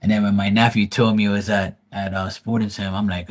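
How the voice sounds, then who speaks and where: Low-voiced man rambling through grief. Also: flat delivery, quick pace. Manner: rambling, profane, restarts often. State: grieving. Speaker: tarot reader streamer. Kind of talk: casual livestream talk.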